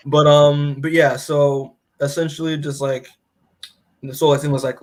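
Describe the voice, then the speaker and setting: A young man co-hosting a podcast, casually retelling a comic story in a rambling way, full of fillers and quick acted-out character lines. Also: fairly high pitch. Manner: rambling, lots of "like" and restarts, acts out characters' lines. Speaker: podcast co-host recapping comics. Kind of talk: casual chat.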